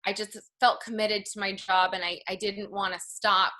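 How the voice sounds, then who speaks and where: Woman, 30s, bright clear voice, earnest, reflective, interview guest. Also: mid-range voice, level tone. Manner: earnest, emotional, slow and reflective. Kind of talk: candid personal story.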